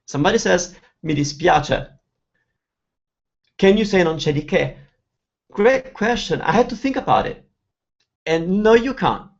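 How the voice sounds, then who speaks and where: A man's voice: sits high, animated, vocal fry, lo-fi sound. Man teaching with a raised voice. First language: Italian. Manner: reads out viewer questions, then slowly spells out pronunciation. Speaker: Italian teacher. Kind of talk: webinar Q&A lesson.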